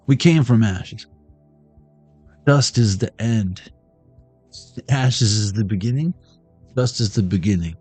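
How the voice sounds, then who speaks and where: A man's voice: on the low side, takes it slowly, pauses often, a little mellow, slightly rough, faint music behind. A middle-aged man giving a casual, joking card reading to his viewers, riffing on pop-culture references as he goes. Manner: playful, riffing jokes and pop-culture asides. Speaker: card reader streaming to viewers.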